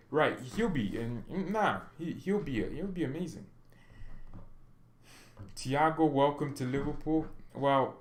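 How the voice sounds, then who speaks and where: A man hosting a fan channel, talking casually and jokingly in rambling commentary with animated bursts. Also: medium pitch.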